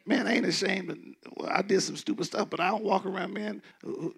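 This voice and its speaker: A man preaching a sermon as pastor, in a loose conversational way, who acts out doubters in a shrill mocking voice. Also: steady tone, fairly quick, gravelly, few pauses, fairly bright tone, slightly rough. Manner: conversational preaching, mimics skeptics in a high squeal.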